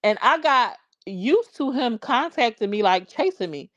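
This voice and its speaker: A woman's voice: fairly high pitch, expressive, measured pace, fairly bright tone, no echo, dull audio. A woman in her forties tells a personal story casually on a live stream, full of slang and greeting viewers mid-story.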